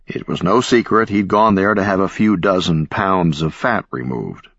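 A man narrates an audiobook in a measured, expressive way. His voice is very deep and husky, with lively swings in pitch. The recording is dry and a little dull, with a lo-fi sound. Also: dry recording. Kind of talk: scripted narration.

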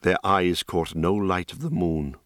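A man narrating a fantasy audiobook in calm, steady scripted storytelling. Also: sits low, a little slow, no echo, clean studio sound.

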